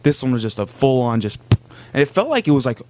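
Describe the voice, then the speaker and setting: A man's voice: medium pitch, very animated, fast talker, a little mellow, a little hiss or hum. A young man casually telling a long story on a podcast, rambling with lots of fillers. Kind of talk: casual chat.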